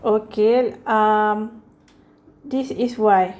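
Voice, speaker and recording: A woman teaching a math lesson, explaining slowly and patiently. She often checks in with "okay" and corrects herself mid-sentence. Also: mid-range voice, steady tone, a little mellow.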